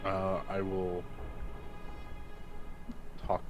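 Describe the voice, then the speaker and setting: A man playing in a tabletop game, speaking haltingly with many restarts. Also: low-pitched, monotone, over music. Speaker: player.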